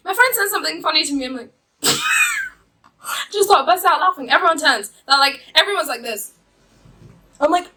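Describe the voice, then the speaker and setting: A woman's voice: sits high, lively intonation, fairly quick, pushed and bright, low-quality recording. A young woman vlogging, telling rambling stories to camera with lots of fillers and giggles. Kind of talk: casual storytelling to camera.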